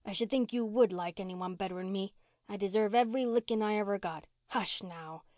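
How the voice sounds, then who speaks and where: A woman voicing a rough-spoken runaway orphan girl who talks in blunt, folksy country slang, read for a storybook. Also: mid-range voice, fairly quick, darkish tone, no room sound, studio quality, natural voice.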